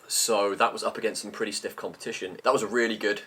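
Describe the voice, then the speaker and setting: A man's voice: on the low side, steady tone, fast talker, sharp tone, breathy edge. A middle-aged man vlogging in an unscripted, rambling chat about tech, sometimes talking with his mouth full.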